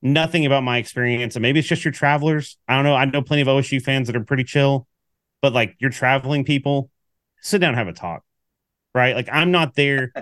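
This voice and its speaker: A man's voice: mid-range voice, brisk, no room sound. Guy ranting about a football trip, acting out what people said, dry mic. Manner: animated storyteller, acts out quotes. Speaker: podcast co-host. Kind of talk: casual sports chat.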